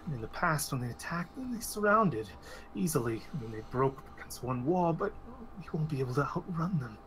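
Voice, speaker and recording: A man voicing a steady, protective young male soldier who talks in a hushed, earnest way. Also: a little high, brisk, soft background music, low-quality recording. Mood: grim.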